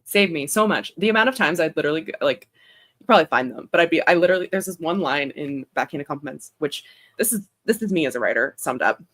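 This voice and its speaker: A woman's voice: low voice, lively intonation, fast talker, fairly bright tone. A young woman hosting a casual chat stream, rambling in a chatty way and laughing often. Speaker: author and livestream host.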